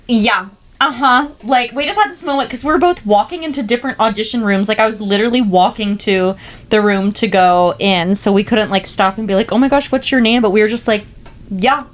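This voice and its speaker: A woman's voice: mid-range voice, quick pace. A young woman co-hosting a podcast, chatting casually and bubbly with lots of filler words. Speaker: podcast co-host. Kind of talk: casual chat.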